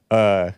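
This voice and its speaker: A man's voice: on the low side, darkish tone, clear, resonant tone, no room sound. Rambling male livestream host, dry sound. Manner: rambling, laughs often, talks back to chat. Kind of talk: casual livestream commentary.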